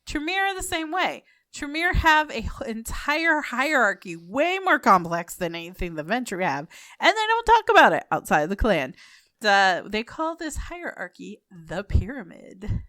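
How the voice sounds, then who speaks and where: A woman co-hosting a casual podcast, talking in an animated, playful way and laughing often. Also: on the high side, moderate pace, no echo, studio quality. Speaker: podcast co-host.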